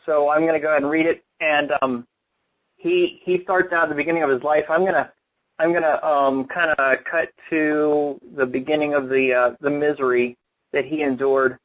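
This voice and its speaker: A man leading a church gathering, earnestly reading a written testimony aloud with a halting delivery. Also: a little high, fairly even intonation. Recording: muffled lo-fi recording.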